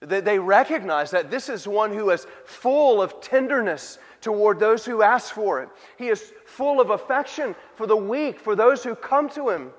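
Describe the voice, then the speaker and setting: Male pastor, high pitch, conversational sermon delivery with rhetorical questions, long hall reverb. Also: expressive, normal speed, few pauses.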